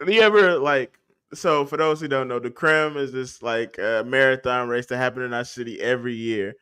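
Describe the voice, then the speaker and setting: A man's voice: mid-range voice, moderate pace, bright, forceful tone, smooth. A man hosting a podcast in casual chat, loose and joking, laughing often. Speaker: podcast host.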